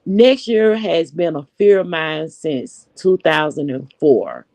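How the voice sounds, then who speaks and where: Woman, 40s, AAVE, slow chatty live-stream host; low pitch, dry close recording. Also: animated, darkish tone, dry recording. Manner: chatty, unhurried, talks straight to viewers. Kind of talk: casual live-stream chat.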